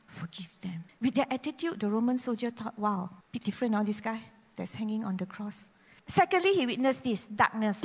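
Lady preacher, higher voice, lively, booming hall echo. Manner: animated, acts out quoted voices with sudden loud bursts. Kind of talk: sermon with prayer. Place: church hall. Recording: long hall reverb.

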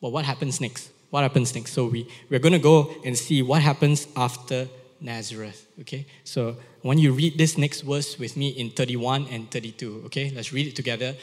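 A man's voice: medium pitch, steady tone, moderate pace, darkish tone. A male pastor preaching a sermon, emphatic, repeating key phrases and asking his listeners questions. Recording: long reverb of a large hall.

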